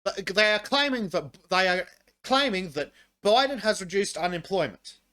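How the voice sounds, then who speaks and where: A man with a fairly high and very bright, forceful voice, hosting a podcast chat. He sounds excitable and keeps tripping over restarts as he pushes his point. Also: normal speed. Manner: excitable, stumbling restarts, laughs often. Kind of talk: casual chat.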